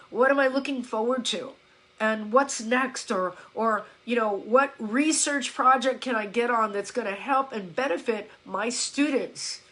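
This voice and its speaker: A woman's voice: fairly high pitch, a bit bright, poor audio. A woman fitness coach talking casually on a live stream, blunt and emphatic, swearing now and then and acting out her followers' complaints. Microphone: phone or laptop.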